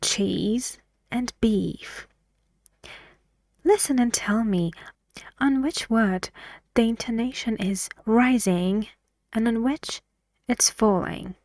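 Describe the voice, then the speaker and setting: A woman gives a slow, deliberate pronunciation lesson, her voice rising and falling to show each pattern. The sound is dry and close, with no room around it. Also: darkish tone, no echo. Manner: slow, careful, modelling intonation with exaggerated pitch. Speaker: English teacher.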